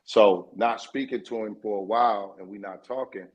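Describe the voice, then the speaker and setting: A man's voice: lowish voice, steady tone, moderate pace, a little mellow, husky. A man talking as a podcast guest, telling a story in a loose, profane, rambling way full of fillers. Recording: dull lo-fi sound.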